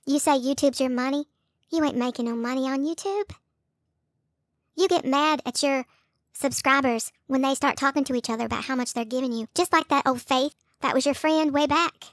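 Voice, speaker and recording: A woman rants at two people, scolding and sarcastic, mocking them in shrill put-on voices. Her voice sits high. The sound is dry and close, with no room around it. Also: moderate pace, dry recording. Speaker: YouTube commentator. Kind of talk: confrontational call-out rant.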